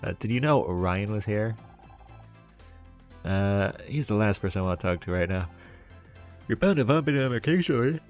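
A man's voice: fairly low pitch, animated, normal speed, pauses often, faint music behind, close to an everyday voice. A man voicing a prim, scolding older mother in a video game, in a voice close to his own.

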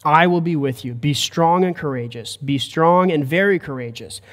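A man's voice: fairly high pitch, normal speed. A man preaching a sermon as a pastor, earnest and building to emphatic points. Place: church sanctuary. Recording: long church hall reverb.

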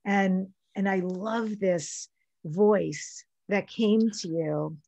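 A middle-aged woman hosting a podcast, responding to her guest in a warm, affirming way. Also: medium pitch, drawn-out words, gravelly, dry recording. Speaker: podcast host. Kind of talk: interview conversation.

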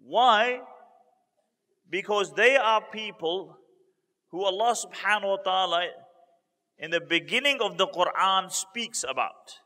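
An Islamic preacher tells a religious story in a high, ringing voice at a measured pace, with long pauses. He repeats key points for emphasis and builds into lively retellings, his words trailing into a long reverb like that of a large hall.

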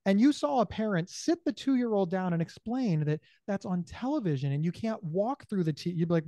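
A man speaking as an advocate in an interview, explaining with lively acted-out dialogue, often stumbling over first words and asking "right?". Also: high voice, a little fast, hardly any pauses, dry recording. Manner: animated, acts out dialogue in changing voices; repeats words at starts, checks in with "right?". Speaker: bipolar disorder advocate. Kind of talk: conversational interview answers.

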